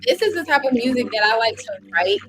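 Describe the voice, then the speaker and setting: A woman's voice: fairly high pitch, very animated, fast, music in the background. A woman chatting casually on her livestream, slangy and full of fillers, talking straight to her viewers. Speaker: YouTuber hosting a livestream.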